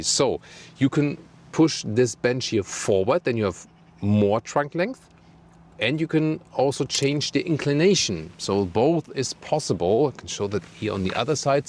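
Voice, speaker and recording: Outdoors in Scotland next to a car, a mid-range male voice with a German accent leads an upbeat, detailed walkaround review, going through the features one at a time. A little background noise can be heard.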